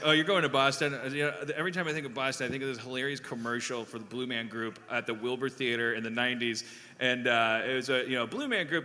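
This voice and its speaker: A man's voice: medium pitch, pushed and bright. A man from Milwaukee hosting a live comedy podcast on a theater stage, telling rambling, self-deprecating stories. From Milwaukee, USA. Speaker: podcast host. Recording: long theater hall reverb.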